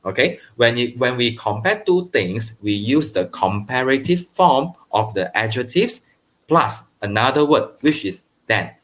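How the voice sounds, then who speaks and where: A man teaching primary school grammar online, explaining slowly and checking understanding with "okay", with brief bits of Mandarin. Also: mid-range voice, animated, a bit bright. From Malaysia. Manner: switches into Mandarin for translations.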